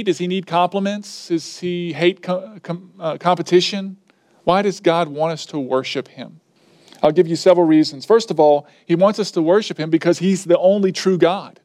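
A man's voice: on the high side, darkish tone, no echo. Emphatic preacher man with dry sound. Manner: emphatic, repeats key lines. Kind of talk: sermon.

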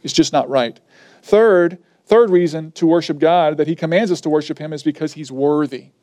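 A man's voice: a little high, normal speed, mellow, dry recording. Emphatic preacher man with dry sound. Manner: emphatic, repeats key lines. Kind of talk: sermon.

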